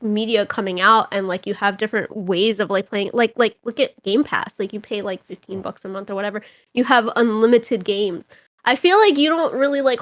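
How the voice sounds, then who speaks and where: A young woman's voice, pitched a little high, chatting animatedly on a podcast. She rambles through her stories and fills them with "like". The sound is dry and close, with no room around it. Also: no room sound. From Toronto, Canada. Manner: animated, rambling, heavy use of filler "like". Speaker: podcast guest. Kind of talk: casual podcast chat.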